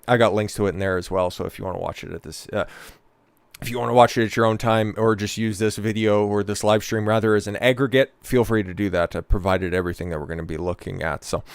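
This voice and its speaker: A man's voice: lowish voice, clear, resonant tone, no room sound. A man hosting a live stream, giving casual, sarcastic, profane commentary on a clip.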